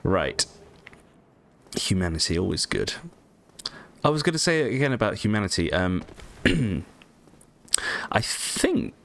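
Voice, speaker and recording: A man's voice: low voice, sing-song, measured pace, creaky, long pauses, a bit bright. A man giving casual, rambling let's-play commentary, with lots of ums, casual swearing and self-mockery. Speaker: gaming channel host.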